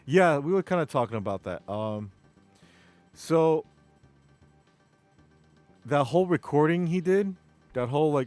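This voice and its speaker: A man's voice: fairly high pitch, animated, measured pace, long pauses, a little mellow, soft background music. A man hosting a casual live stream, rambling and enthusiastic, often repeating words. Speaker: stream host.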